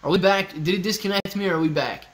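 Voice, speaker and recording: A man's voice: high voice, quick pace, a bit bright. A man hosting a casual livestream, joking around and answering viewers' comments by name. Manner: joking, loose, talks to chat by name. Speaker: livestream host. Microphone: phone used as webcam.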